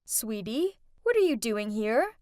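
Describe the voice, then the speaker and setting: A woman voicing a gentle, hard-working mother in an animated story. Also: on the high side, a little slow, no room sound, clean studio sound, voice pushed down. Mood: hurt. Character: poor, hurt, gentle mother working as maid.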